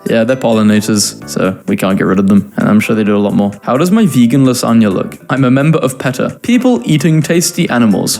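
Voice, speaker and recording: A man with an everyday, middle-pitched voice reads out posts and mocks them in a sarcastic, casual way. Faint music plays underneath his talk. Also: very animated, fast, gravelly, hardly any pauses, a little mellow. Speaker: commentator reading posts. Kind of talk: casual reaction commentary.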